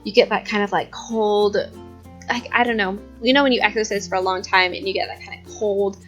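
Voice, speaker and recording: A woman's voice: medium pitch, fairly even intonation, brisk, a bit bright, muffled recording, soft background music. A young woman in her twenties chatting casually over gameplay, rambling and giggling, a bit out of breath. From California. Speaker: YouTube host.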